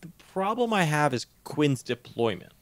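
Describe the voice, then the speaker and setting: A man co-hosting a podcast in casual sports chat, animated, laughing often and tripping over his words. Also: a little high, normal speed, no room sound. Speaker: podcast co-host.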